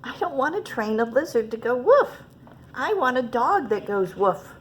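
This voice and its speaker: A woman's voice: a little high, big pitch swings, moderate pace, a little hiss or hum, pitched above the performer's own voice. A woman reading aloud and voicing a young girl who firmly insists she wants a dog. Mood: insistent. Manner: firm, insistent, stubborn.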